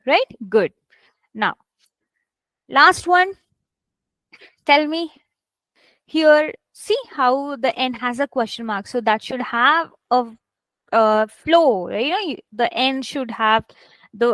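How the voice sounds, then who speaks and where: A woman teaching a live online English test class, coaxing students and reading sentences aloud slowly to show stress. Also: on the high side, lively intonation, a bit bright, dry recording, low-quality recording.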